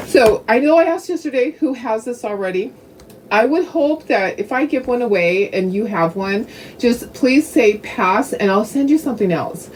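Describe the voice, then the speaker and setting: A woman's voice: a little high, a little mellow, distant mic, slight background noise. Chatty, giggly woman hosting a craft livestream. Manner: chatty and giggly, coos at her dogs. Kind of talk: casual live-stream chat.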